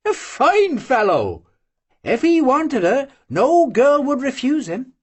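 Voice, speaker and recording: An audiobook reader voicing a lively, teasing young Cossack girl who gushes and presses her friend with eager questions. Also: sits high, takes it slowly, husky, voice pushed up, exaggerated voice. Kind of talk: audiobook character voice.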